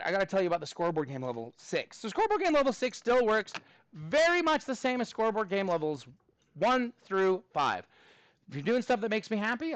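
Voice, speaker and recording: A man teaching a middle school math class, talking in a playful, animated way with many fillers. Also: high voice, dry recording, low-quality recording. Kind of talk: classroom lesson.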